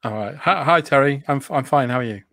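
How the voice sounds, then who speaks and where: A man co-hosting a comic improvised game show, answering in halting, deadpan replies. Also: medium pitch, creaky, no echo. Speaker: co-host.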